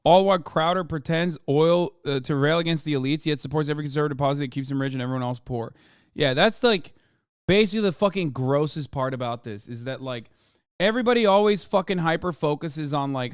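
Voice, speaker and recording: A man streaming casual reaction commentary, rambling with fillers and swearing, turning loud and heated when he rants. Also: a little high, quick pace, clear, resonant tone, no room sound, clean studio sound. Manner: profane, rambling, with frequent fillers.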